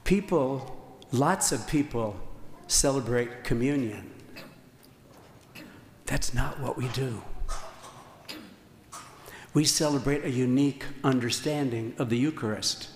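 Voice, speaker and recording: A man's voice: medium pitch, slow pace, long pauses, a little mellow, slight background noise. Earnest male priest preaching in an echoey church. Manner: earnest preaching, emphatic repetition, occasional fillers. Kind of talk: sermon. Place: large church. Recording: echoey church hall, faint ambience.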